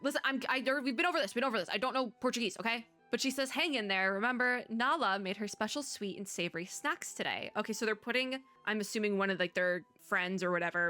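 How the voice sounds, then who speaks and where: Young female streamer, casual rambly let's-play talk, bright voice, soft background music. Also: mid-range voice. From Texas. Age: young adult. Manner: chatty, rambling, reads dialogue without voices. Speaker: gaming content creator. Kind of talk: casual let's-play commentary and reading aloud. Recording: faint game music behind.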